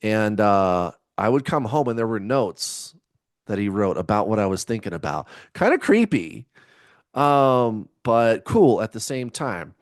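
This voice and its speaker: A man's voice: lowish voice, expressive, unhurried, no room sound. Laid-back rambling man, dry sound. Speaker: spiritual vlogger. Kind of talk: casual chat to camera.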